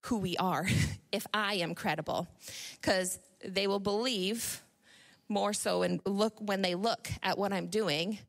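Slow-paced and gravelly, a woman's mid-range voice stays steady in tone. She's in her thirties, hails from Northern New York, and addresses a church gathering with an informal sermon of personal stories, frequent laughs, and restarted sentences.

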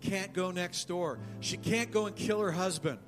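A man preaching a sermon as pastor, animated, often repeating words and calling for the congregation to respond. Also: high-pitched, normal speed, over music.

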